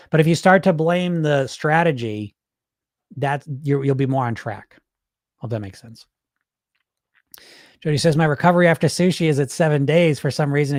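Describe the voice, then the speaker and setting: Middle-aged male host, higher voice, dry close sound, blunt and profane, chatty. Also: no room sound. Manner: candid, swears freely, acts out his inner voices. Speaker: weight loss hypnotist, show host. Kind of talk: casual livestream talk.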